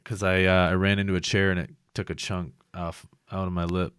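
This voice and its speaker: Very low-voiced man telling rambling stories. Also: level tone, fairly quick, a bit bright, smooth, no echo, clean studio sound. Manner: rambling, profane storytelling. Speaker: podcast host. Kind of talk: casual chat.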